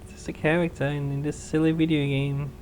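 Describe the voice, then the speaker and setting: A woman's voice: sits low, little pitch movement, brisk, a little mellow, slight background noise, rough recording. A woman hosting a let's play, rambling through casual gameplay commentary and laughing often.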